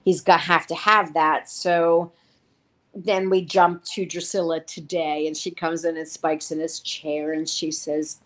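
Woman co-host, lower register, chatty rambling recap style. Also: flat delivery, measured pace. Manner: rambling retelling with many fillers and quoted lines. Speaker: podcast co-host reviewing a TV series. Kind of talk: casual episode recap.

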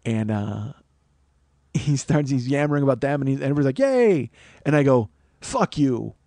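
A man in his forties telling a profane, animated story as a podcast host. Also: mid-range voice, fast, no room sound. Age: 40s. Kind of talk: storytelling monologue.

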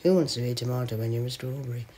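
A woman's voice: very deep voice, very fast, mellow, a little hiss or hum. A woman improvising rambling spoken-word poetry, full of rhetorical questions and playful wordplay. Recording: music playing behind.

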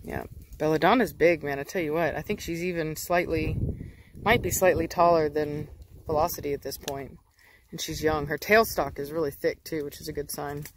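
A woman hosting a casual dog vlog outdoors. She explains training in a chatty way and switches to coaxing baby talk and sharp commands for her dogs. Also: deep voice, fairly even intonation, moderate pace, slight background noise. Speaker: dog breeder and channel host.

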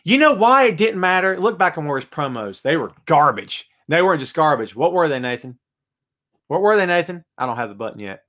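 An excitable man hosts a live talk show and rants to his listeners. His voice sits fairly high for a man and leaps up and down across a wide range. He fires off points and answers chat comments in an animated, worked-up way. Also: a little fast. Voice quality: animated, excitable, ranting delivery. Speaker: wrestling podcast host.

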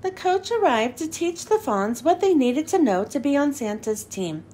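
High, lively woman reading a storybook. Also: normal speed. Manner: expressive, sing-song storytelling. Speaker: children's book reader. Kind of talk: storybook read-aloud.

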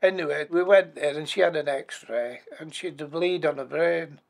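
A man's voice: on the high side, moderate pace, vocal fry. A man, telling his life story as a bereaved husband and former carer in a plain-spoken, matter-of-fact way. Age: 80s. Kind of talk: personal life story told for a documentary.

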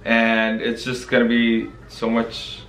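A man's voice: medium pitch, completely flat delivery, takes it slowly, fairly bright tone. A young man talking earnestly about being a husband and father, often repeating his first words. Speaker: co-host, husband. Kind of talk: casual chat. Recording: echoey room with faint noise.

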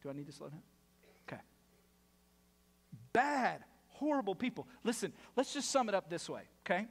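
Male pastor, sermon; lively, high-pitched delivery with big swings, reverberant sanctuary. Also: moderate pace, breathy edge. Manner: animated and playful, drops to a hush for emphasis. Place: church sanctuary.

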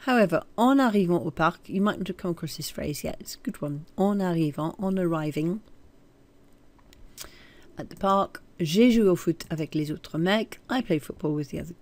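A woman's voice: fairly low pitch, expressive, moderate pace, a little mellow. A woman teaching French, reading short sentences and then translating and commenting on them, with asides where she corrects herself. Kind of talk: recorded language lesson.

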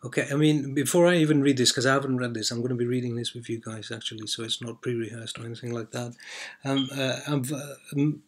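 Male vlogger, middle pitch, very monotone, hesitant filler-heavy off-the-cuff commentary. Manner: hesitant, heavy with ums and uhs; emphatic repetition for stress. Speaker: video blogger. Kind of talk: unscripted commentary while reading an article.

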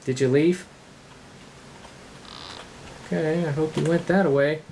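A gaming host talks through a let's-play, cursing and yelling at the game in frustration. The voice sits at a middling pitch. Steady background noise runs under the recording. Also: unhurried.

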